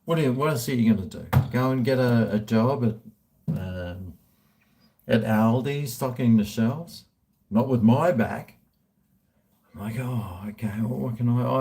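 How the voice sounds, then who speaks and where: With a medium-pitched, dark-toned voice, a middle-aged Australian man answers his viewers' questions as a vlogger. The chat is relaxed, meandering and full of crude humor.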